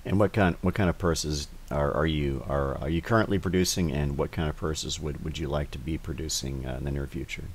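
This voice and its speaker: A man's voice: rumbling low, brisk, hardly any pauses, a little hiss or hum. A man hosting a casual interview. He talks hesitantly, with many restarts and fillers. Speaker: host.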